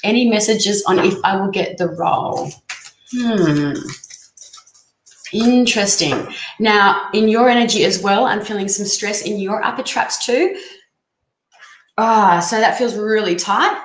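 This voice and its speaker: A woman hosting a casual live-stream tarot reading, chatty and excitable as she reads out viewer comments. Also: mid-range voice, a little slow, pauses often. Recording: echoey room, faint background noise.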